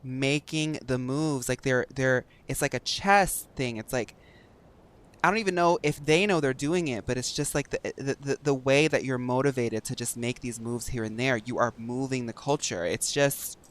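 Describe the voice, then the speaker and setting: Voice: medium pitch, normal speed. A young adult streamer chatting casually and rambling with lots of fillers while gaming.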